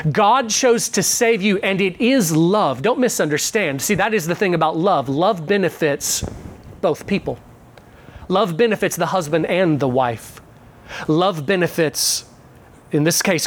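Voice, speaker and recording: A man preaching a sermon as pastor, talking through verses and building to emphatic, raised peaks. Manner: emphatic preaching, rising loud and high at key points.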